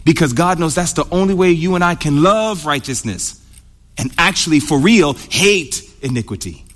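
A man preaching a sermon in a high, lively voice that climbs and drops with emphasis. He stretches key words and keeps asking the congregation to answer him. A long hall reverb trails every line. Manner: drawn-out emphatic delivery with big swings.

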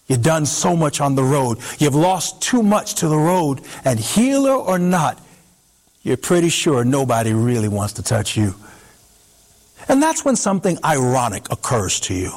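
A man narrating a story in the second person in an expressive, dramatic way, pausing for effect. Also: a little high.

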